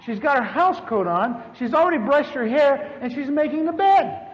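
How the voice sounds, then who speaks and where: A man telling a lively personal testimony as a storytelling sermon, with repeated phrases and sudden exclamations. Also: very high-pitched, moderate pace. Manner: animated, repetitive storytelling with sudden shouts. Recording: reverberant hall with faint noise.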